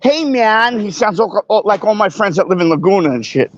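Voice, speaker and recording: A man's voice: high voice, fast, no room sound. A man from Brooklyn chatting casually on a live stream as he walks the city streets, boisterous and profane, laughing often. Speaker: guest streaming while walking. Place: outdoors on city streets, walking. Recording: muffled live-stream audio.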